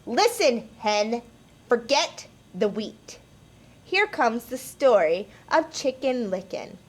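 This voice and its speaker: A woman voicing a bossy, busy young man who narrates and keeps cutting in impatiently. Her voice is high and lively, with a slow, drawn-out pace. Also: background noise. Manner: impatient, interrupting.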